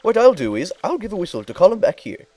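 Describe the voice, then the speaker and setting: A man's voice: high voice, sing-song, quick pace, dark tone, faint music behind, pitched above the performer's own voice. A man voicing a crotchety, bossy old female tribal elder in a game playthrough, scolding and barking orders. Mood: explaining.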